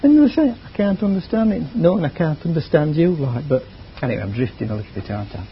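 A man's voice: a little high, huge pitch swings, fast talker, slight background noise. A man preaching a sermon in a chatty, conversational way, drifting into asides. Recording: dull lo-fi recording.

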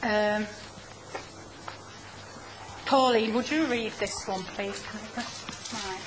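Over background noise, a woman with a medium-pitched voice leads a Bible study. She explains things slowly and patiently, prompting members of the class to read aloud.

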